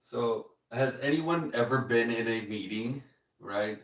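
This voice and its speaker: A man's voice: medium pitch, measured pace, far from the mic. A man chatting casually as a guest on a stream, laid-back and hesitant, often searching for his words. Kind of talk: casual chat. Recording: echoey room, off-mic.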